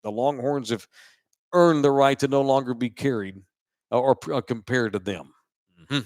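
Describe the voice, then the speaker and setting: A man's voice: medium pitch, moderate pace, no room sound, clean studio sound. A man hosting a college football postgame podcast, blunt and opinionated, swearing freely in casual chat. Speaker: sports podcast host.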